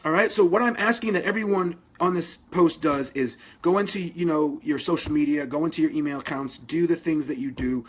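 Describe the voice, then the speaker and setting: A man's voice: fairly high pitch, fairly quick, hardly any pauses, husky. A man hosting a live video, making an impassioned, urgent appeal to his viewers, with many fillers and restarts. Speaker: activist livestream host.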